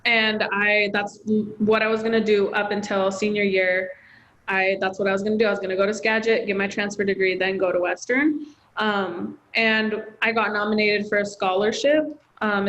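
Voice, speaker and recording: A woman's voice: medium pitch, a bit bright, poor audio. A young woman, a college student, telling a personal story in an interview, heartfelt and chatty with lots of filler words. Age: young adult. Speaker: student guest.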